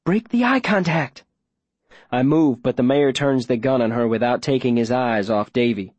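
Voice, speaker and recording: A man narrating a first-person audiobook in a low, steady storytelling voice. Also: moderate pace, no room sound.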